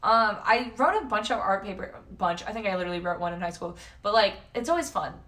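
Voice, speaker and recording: A woman's voice: medium pitch, fast, a bit bright. A woman in her twenties chatting casually on a live stream, answering chat and swearing now and then. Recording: voice somewhat distant from the mic.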